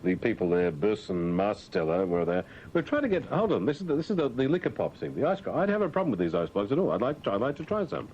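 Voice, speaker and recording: A man's voice: big pitch swings, fast talker, few pauses, darkish tone. A man hosting breakfast radio, reading the news and mocking it with jokey asides and mumbled fillers. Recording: dull lo-fi radio broadcast with faint rumble.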